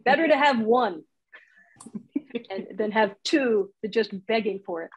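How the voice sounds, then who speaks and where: Chatty husky woman teaching comedy. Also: a little high, measured pace, dull audio. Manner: chatty, laughs at her own examples. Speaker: comedy writing instructor. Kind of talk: casual online workshop talk.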